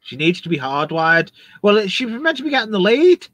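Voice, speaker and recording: A man's voice: high voice, very animated, fairly quick, a bit bright. A man from the Wirral with a Scouse accent, chatting on a live stream in a hesitant way with many restarts. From the Wirral, England. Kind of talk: casual live-stream chat.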